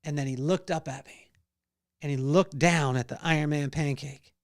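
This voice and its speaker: A middle-aged man hosting a devotional podcast, telling a personal story with animated delivery and acted-out voices. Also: a little high, normal speed. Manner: animated, acts out voices in stories. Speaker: podcast host.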